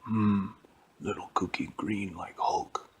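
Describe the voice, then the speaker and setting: A man's voice: low voice, slow, slight background noise. A man voicing a big green male monster who roars and speaks in broken caveman phrases. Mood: roaring gruff. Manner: roaring, broken caveman speech.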